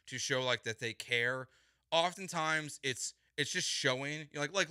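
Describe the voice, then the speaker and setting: A man's voice: medium pitch, pushed and bright, clean tone, dry recording, studio quality. A man hosting sports talk radio, arguing his point in an emphatic, exasperated way and repeating words for stress.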